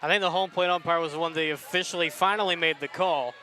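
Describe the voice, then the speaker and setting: A man doing color commentary on a softball game, explaining strategy in a relaxed coaching tone. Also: a little high, quick pace, some chatter behind. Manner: analytical, coaching tone, laughs easily. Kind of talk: live sports commentary.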